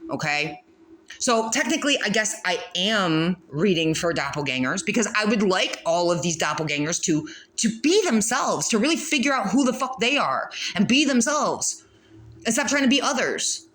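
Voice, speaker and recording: A woman's voice: mid-range voice, sing-song, normal speed, fairly bright tone. A woman doing a casual spiritual card reading, blunt and profane, laughing often as she talks. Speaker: tarot reader.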